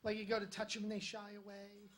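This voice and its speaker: A man with a fairly high voice works through a stand-up set on a club stage. He tells his stories in a wry, conversational way and lands sudden punchy jokes. He speaks into a handheld microphone. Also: monotone, quick pace, fairly bright tone. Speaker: stand-up comedian. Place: comedy club stage in front of a live audience.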